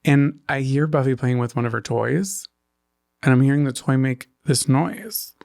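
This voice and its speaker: A man co-hosting a podcast, with a gravelly, mid-pitched voice. He tells stories in an animated way that climbs into high squeals when he gets worked up. The sound is dry and close, with no room echo. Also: normal speed. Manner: animated storytelling, rising to squeals when excited. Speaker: podcast co-host. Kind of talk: casual podcast chat.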